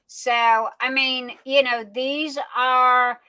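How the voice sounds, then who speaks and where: Slow, bright-voiced woman livestream host. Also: high-pitched, level tone, smooth, poor audio. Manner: chatty, folksy, many fillers and restarts. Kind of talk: casual live-stream product chat.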